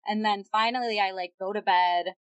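A woman telling a personal story in casual chat, animated and peppered with "like". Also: medium pitch, normal speed, dry recording, muffled recording. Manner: animated, heavy use of "like".

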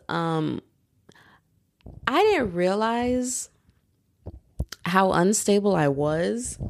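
Young female podcast host, rambling animated chat, gravelly fry, dead-dry room. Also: lowish voice, no room sound. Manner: animated, chatty, rambling with fillers. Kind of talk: casual solo podcast chat.

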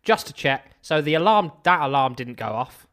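A man's voice: fairly high pitch, animated, normal speed, fairly bright tone. A man playing in a tabletop game, cheeky and often laughing. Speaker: player. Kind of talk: casual in-character chat.

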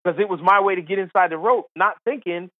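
Higher-voiced man telling stories over a phone line. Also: fast talker, dry recording. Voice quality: lively storyteller who acts out voices. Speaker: podcast guest, comedian and golf analyst. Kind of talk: animated anecdote telling.

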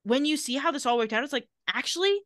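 Lively bright-voiced woman podcast host. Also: high-pitched, no echo, clean studio sound. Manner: animated, reads out scenes with quick quoted lines. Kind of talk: casual TV recap chat.

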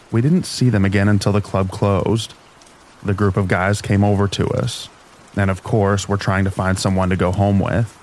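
A man with a fairly low voice reads a story in a soft, steady narrator's style. Rain falls in the background behind him. His delivery stays calm and even throughout. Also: a little hiss or hum, poor audio. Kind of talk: calm scripted narration of sleep stories. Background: rain sounds.

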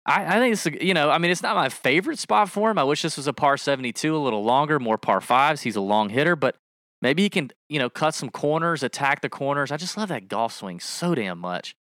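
A man's voice: fairly high pitch, expressive, brisk, fairly bright tone, dry recording, clean studio sound. A man co-hosting a podcast, chatting casually and jokingly, rambling and correcting himself as he goes. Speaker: podcast co-host. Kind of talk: casual fantasy sports chat.

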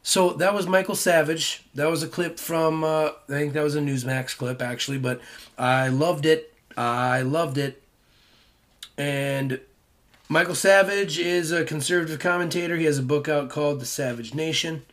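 A man's voice: on the high side, fairly even intonation, moderate pace, fairly bright tone. Fervent male podcast host. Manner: fervent, agreeing. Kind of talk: casual podcast monologue.

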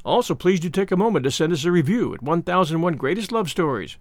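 A man narrating a classic novel aloud in a measured, even storytelling manner, as the host of a story podcast. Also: a little high, no echo, studio quality. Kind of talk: audiobook reading of a classic novel.

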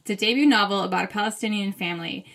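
A woman co-hosts a casual book podcast, talking with eager enthusiasm and laughing easily. Her voice sits at a middle pitch, and her delivery is chatty and gushing. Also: rapid-fire, gravelly, fairly bright tone. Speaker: podcast co-host.

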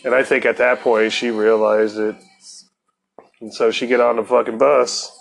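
A man's voice: mid-range voice, flat delivery, normal speed, gravelly, low-quality recording. A man hosting his own podcast, telling a personal story in a profane, laid-back way and laughing often. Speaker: podcast host. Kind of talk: casual storytelling.

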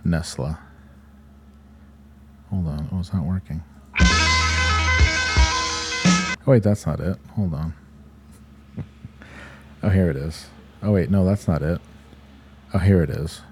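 Low, mellow-voiced man joking deadpan. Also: measured pace, long pauses, soft background music. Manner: deadpan, crude jokes, trails off mid-sentence. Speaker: podcast co-host. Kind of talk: casual comedic banter.

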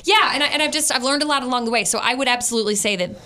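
A woman's voice: sits high, racing, pushed and bright. A woman in her forties co-hosting a podcast, chatting in an upbeat, earnest way and laughing often. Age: 40s. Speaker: podcast co-host. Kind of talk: casual chat.

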